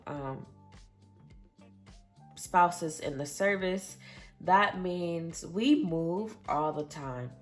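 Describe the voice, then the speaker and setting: A young adult woman talking casually and earnestly to her viewers, reading out exact figures. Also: fairly low pitch. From Michigan, USA. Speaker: budgeting vlogger. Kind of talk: casual budget update.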